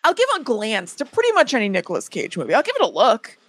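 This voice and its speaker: A woman co-hosting a podcast, chatting casually, giving frank opinions and quickly agreeing. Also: a little high, huge pitch swings, a bit bright, no room sound. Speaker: podcast co-host. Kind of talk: casual chat.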